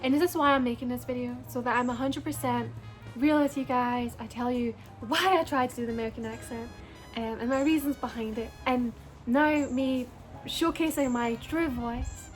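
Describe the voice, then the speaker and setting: High-voiced, bubbly Scottish woman. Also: normal speed, faint music behind. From Scotland. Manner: bubbly and earnest, addresses viewers as "you guys". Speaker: beauty vlogger. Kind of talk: casual personal vlog to camera.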